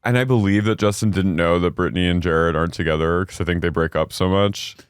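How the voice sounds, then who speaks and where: A man's voice: fast talker, smooth, no room sound, clean studio sound. A man co-hosting a podcast, chatting casually and animatedly as he recaps a reality TV episode. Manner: animated, acts out quotes in high voices. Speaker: podcast co-host.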